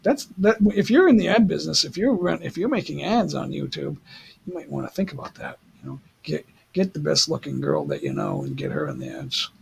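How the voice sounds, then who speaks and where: A man's voice: fairly high pitch, sing-song, brisk, creaky, breathy edge. A man hosting a livestream, chatting casually and rambling as he reads the chat aloud. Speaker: livestream host.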